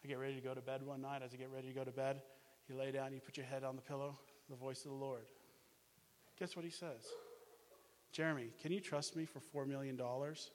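A man shares his faith story as a sermon, his voice ringing with long reverb through a hall. He tells it animatedly, sinking to near-whispers and then rising to loud, emphatic peaks. His pitch sits in an ordinary middle range. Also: quick pace, slight background noise. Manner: animated storytelling, swings from hushed to loud with laughs. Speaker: missionary base leader. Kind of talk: testimony sermon.

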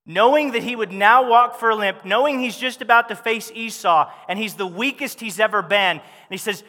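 Bright-voiced male pastor, hall reverb. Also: sits high, normal speed, hardly any pauses. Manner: conversational, animated preaching. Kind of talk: sermon. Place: church hall.

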